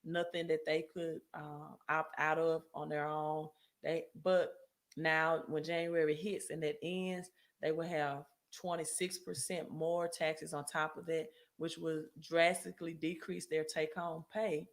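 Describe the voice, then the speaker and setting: A woman's voice: deep voice, flat delivery, a little slow. A woman hosting a casual finance livestream, talking loosely to viewers, often checking in with "right?" and correcting herself mid-sentence. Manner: chatty, frequent "right?" tag questions and self-corrections. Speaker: credit and finance livestream host.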